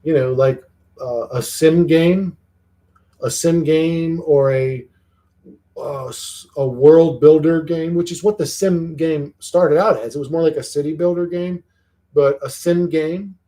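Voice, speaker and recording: A man's voice: a little high, steady tone, a little slow, dark tone. A man hosts a casual livestream and chats loosely with his viewers. He rambles, swears often, and repeats words as he starts his sentences. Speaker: livestream host reading chat.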